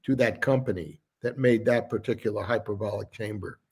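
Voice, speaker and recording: A man's voice: on the low side, a little fast, a little mellow, slightly rough. An older man co-hosting a sports radio show, chatting politely and apologizing when he interrupts. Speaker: radio co-host. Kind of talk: casual sports talk.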